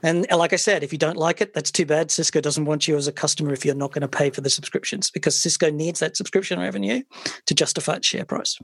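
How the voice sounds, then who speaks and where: A man's voice: a little high, fast talker, gravelly, fairly bright tone, no echo, clean studio sound. A man hosting a tech podcast, talking in an opinionated, conversational way with a wry edge. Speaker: podcast host. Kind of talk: casual tech podcast chat.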